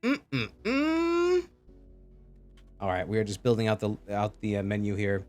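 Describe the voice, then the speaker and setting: A man's voice: fairly low pitch, level tone, fast talker, a little mellow, faint music behind. A man casting a live esports match, chatty and joking as he reads out chat messages. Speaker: esports caster.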